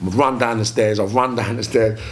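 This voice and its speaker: A man with a London accent, a podcast guest telling stories in a lively, swearing, casual way and acting out what people said. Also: on the low side, fairly quick. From London, England. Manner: animated storyteller, swears freely, acts out quoted speech. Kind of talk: casual storytelling interview.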